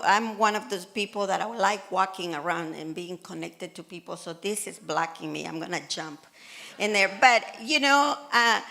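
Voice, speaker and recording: A woman pastor preaching a sermon in earnest, animated style, acting out quotes from everyday life. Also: mid-range voice, vocal fry. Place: church hall in Malta. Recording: church service.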